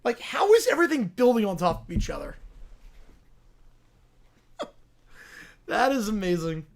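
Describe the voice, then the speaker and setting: A man's voice: sits high, wildly swooping pitch, unhurried, creaky, pauses often. A man hosting a livestream, reading and reacting in casual chat with incredulous asides. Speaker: livestream host.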